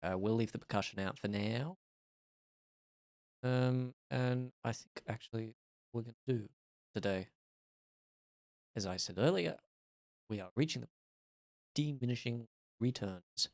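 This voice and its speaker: A man's voice: medium pitch, measured pace, pauses often, darkish tone, no echo, clean studio sound. A man casually talking to himself during a live stream as he works on a music track, thinking aloud about edits. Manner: musing aloud while editing a track. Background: music playback.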